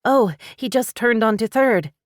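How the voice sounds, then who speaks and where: A woman's voice: a little high, a little slow, dry recording, clean studio sound, voice pushed up, close to an everyday voice. A woman playing a tense, determined heroine. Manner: tense, forceful. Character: determined woman protecting her dog and a boy.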